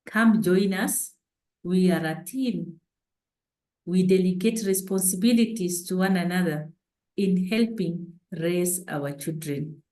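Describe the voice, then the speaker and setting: Woman, slow measured delivery, earnest advice, echoey room. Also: on the low side, a little mellow. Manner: earnest, exhorting. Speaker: parenting speaker. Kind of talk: panel talk.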